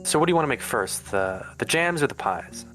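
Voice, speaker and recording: A man voicing a gentle young mother who teases her small child fondly. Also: mid-range voice, expressive, a little fast, soft background music, pitched above the performer's own voice, lightly acted.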